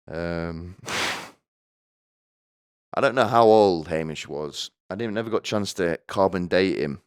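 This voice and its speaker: A man's voice: sits low, moderate pace, smooth, no room sound, clean studio sound. A young man hosting a podcast, telling rambling comic stories with stammering restarts and crude offhand jokes. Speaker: podcast host.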